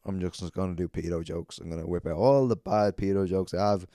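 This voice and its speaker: Low-pitched and mellow, this Irish man talks briskly in a clean studio recording with no echo. He's a podcaster and stand-up comic telling a rambling, foul-mouthed story solo, casual podcast style.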